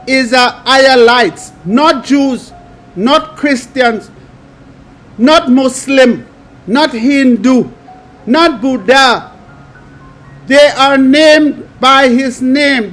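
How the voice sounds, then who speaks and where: A man preaching, reading scripture aloud and adding emphatic commentary in a slow, drawn-out delivery. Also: very high voice, fairly bright tone.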